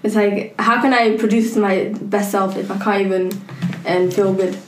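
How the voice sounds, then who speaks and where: A woman's voice: mid-range voice, steady tone. A young woman co-hosting a podcast in casual chat, talking with many fillers. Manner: chatty, fast, many "like" fillers. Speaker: podcast co-host. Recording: echoey room.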